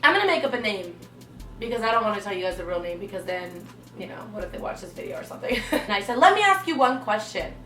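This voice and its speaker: Bright, dramatic young woman vlogger. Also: medium pitch, fast talker, recorded from a distance, faint music behind. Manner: animated, dramatic, acts out quotes. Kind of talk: storytelling vlog. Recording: echoey room, away from mic.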